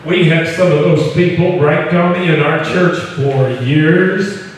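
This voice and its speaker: Preaching slowly in a fairly high voice, a man gives a sermon in a church hall, chatting in a homey way and often turning aside to address the congregation. The hall echoes, the mic sits far off, and there's slight background noise.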